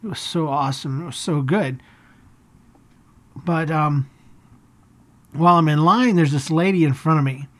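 A woman's voice: low voice, normal speed, pauses often. A woman hosting a family podcast, telling stories in a rambling, chuckling way. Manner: rambling, chuckling storyteller with restarts. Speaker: podcast host. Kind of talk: casual family podcast chat and storytelling.

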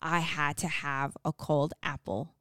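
A woman's voice: deep voice, flat delivery, unhurried, fairly bright tone, clean tone, no room sound, studio quality. A young adult woman co-hosting a podcast, chatting casually in a playful, teasing, emphatic way. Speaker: podcast co-host. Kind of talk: casual chat.

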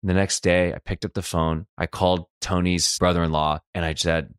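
A man's voice: low voice, level tone, normal speed, smooth, dry recording, clean studio sound. A young man from Los Angeles hosting a podcast, telling a personal story in an earnest, reflective way. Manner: earnest, reflective, voices quoted people himself. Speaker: podcast host.

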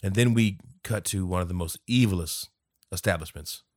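Deep-voiced profane podcast co-host. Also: male voice, moderate pace, no echo, clean studio sound. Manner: profane, laughing, retells scenes by acting out lines. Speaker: podcast co-host reviewing a film. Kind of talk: casual chat.

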